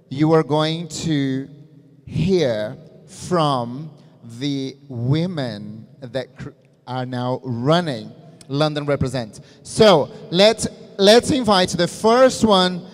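Guy hosting a fashion show, high voice, slow and theatrical, big echoey hall. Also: lively intonation. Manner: theatrical, playful, drawn out. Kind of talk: live event emcee speech. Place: event hall. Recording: long hall reverb.

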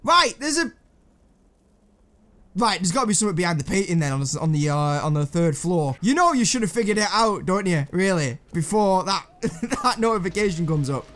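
A man's voice: sits high, very animated, moderate pace, a bit bright. A young man commentating on a puzzle game, talking to himself and the characters, swearing and mocking himself. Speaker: gameplay commentator. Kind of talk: casual let's-play commentary.

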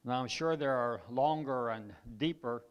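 A man preaching a sermon as pastor, his voice tired and weakening, who clears his throat, reads scripture aloud and repeats lines for emphasis. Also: medium pitch, measured pace. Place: church.

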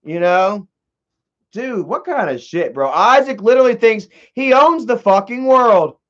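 A man's voice: high voice, unhurried. Rambling foul-mouthed young man. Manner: rambling, heavy swearing, excitable. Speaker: commentary host. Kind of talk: casual profane commentary. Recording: dull lo-fi recording.

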